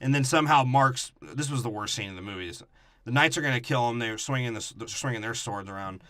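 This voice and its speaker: A man tears through a movie recap with a friend, swearing constantly and mocking the characters. His voice sits at an ordinary middle pitch. The sound is dry and close. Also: fairly quick, a bit bright, no room sound. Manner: crude, profane, mocking impressions of characters. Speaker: podcast co-host. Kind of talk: casual comedic movie recap.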